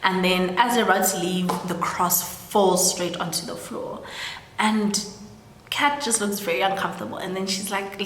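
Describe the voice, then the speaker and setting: Her voice is medium-pitched and fairly bright, and she moves at a moderate pace; faint hiss or hum sits under it. She's a South African storytelling host recapping a story in a chatty way, dropping "like" frequently and acting out quoted lines, all in an echoey room with long reverb.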